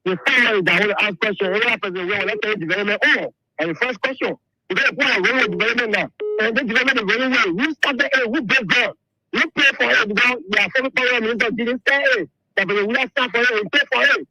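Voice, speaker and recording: A man calling in to a radio talk show, halting and repeating words over and over. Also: very high-pitched, sharp tone, no room sound, poor audio. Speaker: caller. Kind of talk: call-in radio comment.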